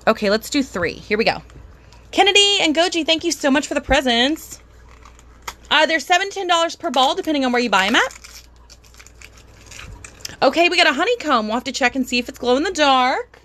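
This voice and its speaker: An excitable, bubbly woman hosting a casual live stream from home, chatting to viewers and thanking them by name. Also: high-pitched, a little fast, pauses often, a little hiss or hum. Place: at home with a dog.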